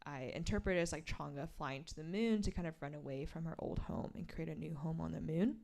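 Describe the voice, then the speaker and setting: Low gravelly-voiced woman storyteller. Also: fairly quick. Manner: lively storyteller who acts out quoted lines. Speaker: author at a bookstore event. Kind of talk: reading from and explaining her graphic memoir.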